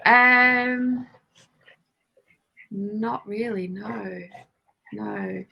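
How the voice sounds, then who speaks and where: A woman's voice: medium pitch, fairly even intonation, very slow, gravelly, slightly rough, lo-fi sound. An Australian woman being interviewed as a guest, talking casually and laughing often between phrases. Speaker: guest, club photographer.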